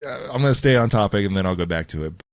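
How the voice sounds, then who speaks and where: Deep-voiced man, dry close sound. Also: animated, rapid-fire, dry recording. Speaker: podcast co-host. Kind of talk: casual film discussion.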